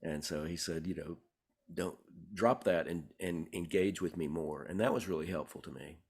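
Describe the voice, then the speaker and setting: A man, a songwriter guest, telling stories in a relaxed, rambling way, with many fillers and restarts. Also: low voice, normal speed, breathy edge. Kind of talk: conversational interview storytelling.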